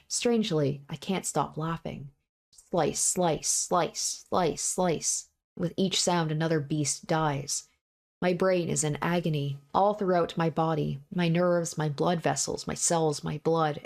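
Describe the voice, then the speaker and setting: A woman's voice: low-pitched, darkish tone. Woman reading as a grim young man narrating. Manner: grim, repetitive inner monologue. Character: young man narrating his own bloody fight. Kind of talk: visual novel read aloud.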